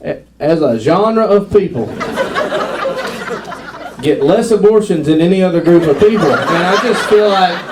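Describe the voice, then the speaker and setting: A man's voice: high voice, animated, measured pace, long pauses. Man doing stand-up, from afar. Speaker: stand-up comedian. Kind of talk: stand-up set. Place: comedy club stage before a laughing crowd. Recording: distant mic in a noisy crowded club.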